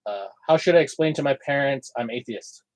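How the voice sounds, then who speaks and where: A man's voice: mid-range voice, brisk, no echo, low-quality recording. A man co-hosting a casual livestream, reading out viewer questions hesitantly with many fillers.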